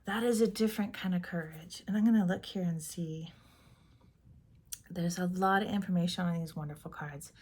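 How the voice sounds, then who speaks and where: Woman tarot reader, gentle and unhurried, mellow low-ish voice, soft breathy tone with half-whispered asides. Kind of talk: slow, soft-spoken tarot reading.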